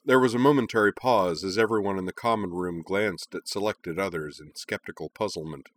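A man narrating a story in a lively, expressive reading. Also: deep voice, fairly quick, no echo.

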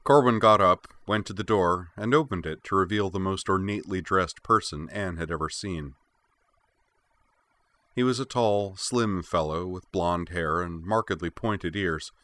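A man narrating a fantasy novel as an audiobook reader, steady and clear. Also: sits low, measured pace, dry recording. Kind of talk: scripted narration.

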